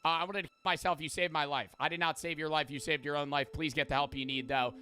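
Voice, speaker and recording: A man's voice: fairly high pitch, fairly even intonation, quick pace, pushed and bright. A young man who streams, talking bluntly and casually with lots of fillers and swearing. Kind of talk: casual storytelling and reflection.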